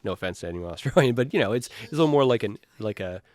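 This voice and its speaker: A man's voice: on the low side, expressive, very fast. Rambling man giving a director's commentary. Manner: rambling, enthusiastic, many fillers and restarts. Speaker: film director. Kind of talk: director's commentary, casual chat.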